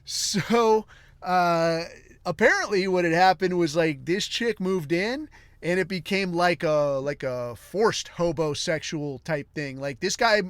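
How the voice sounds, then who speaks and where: A man hosting a podcast, telling a long comic story in a rambling, crude way with deadpan asides. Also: sits high, slow, smooth, no room sound. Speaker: podcast host.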